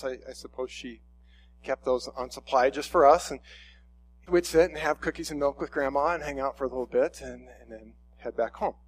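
A middle-aged man preaching a sermon in a conversational, storytelling way, often restarting his sentences. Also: fairly high pitch. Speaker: pastor.

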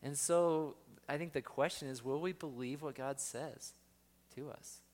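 A man's voice: a little high, unhurried, darkish tone. A man preaching a sermon in a conversational way, often asking his listeners questions.

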